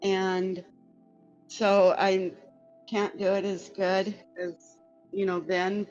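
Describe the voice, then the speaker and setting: A woman's voice: mid-range voice, flat delivery, darkish tone. A woman co-hosting a horror podcast who does voice acting, chatting casually with many fillers. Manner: slow, with frequent laughs and fillers. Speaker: podcast co-host and voice actor. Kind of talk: casual chat. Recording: dull lo-fi audio with faint music.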